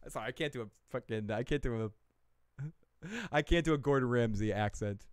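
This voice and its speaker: A man's voice: mid-range voice, normal speed, pauses often, clear, resonant tone, no room sound, clean studio sound. A man hosting a casual livestream, rambling and profane, and laughing often. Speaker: show host. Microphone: desk mic.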